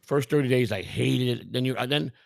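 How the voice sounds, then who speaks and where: A man's voice: medium pitch, fairly quick, creaky, no room sound, studio quality. An older man candidly telling his life story in conversation, blunt and profane, rambling with restarts and quoted dialogue. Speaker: guest.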